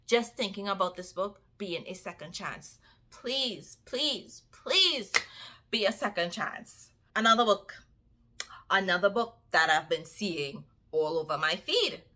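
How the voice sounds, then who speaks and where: Slow, bright-voiced woman book vlogger. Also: mid-range voice. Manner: animated, repeats phrases for emphasis, addresses viewers as y'all. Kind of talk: casual chat to camera.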